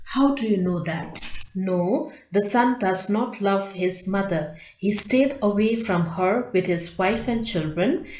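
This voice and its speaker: A woman teacher reading textbook answers aloud in slow, careful dictation and drawing out words as she pronounces them. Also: medium pitch, a little mellow, echoey room, rough recording. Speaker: English teacher.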